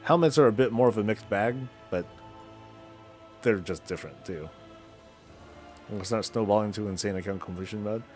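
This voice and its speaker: A male game streamer with a lowish voice, talking in a relaxed, slangy ramble while he plays. He thinks out loud and drifts from point to point. Soft music plays faintly under him. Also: normal speed, pauses often. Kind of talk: casual chat while gaming.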